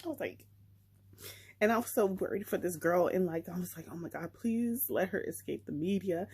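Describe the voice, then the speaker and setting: A young woman vlogging, chatting excitedly and emotionally about a book she just read, talking straight to her viewers. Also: lowish voice, a little fast, a little hiss or hum, poor audio. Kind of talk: casual chat.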